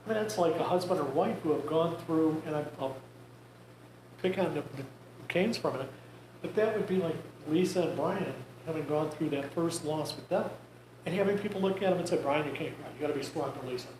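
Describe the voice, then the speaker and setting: Brief: male presenter, fairly high voice, wry and conversational, echoey room with faint hiss. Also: brisk. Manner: wry, conversational, joking asides. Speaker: grief presenter. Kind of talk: talk to a group. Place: church meeting room.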